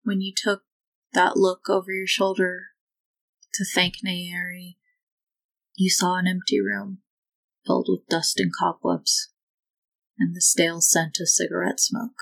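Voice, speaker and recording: A woman game master narrates a tabletop game slowly and with atmosphere. Her voice sits a little low and unhurried. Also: little pitch movement, vocal fry, a bit bright, rough recording.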